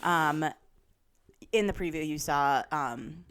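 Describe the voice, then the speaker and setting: A young woman co-hosting a chat podcast, retelling reality TV drama in a gossipy, animated way with lots of "like" and swearing. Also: low voice, slow pace, clean tone. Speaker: podcast co-host. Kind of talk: casual chat.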